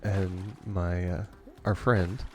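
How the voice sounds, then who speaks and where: A man's voice: deep voice, flat delivery, takes it slowly, soft background music. A man hosting a gaming channel, rambling through a story in a casual way and chuckling often between remarks. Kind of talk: casual storytelling over gameplay.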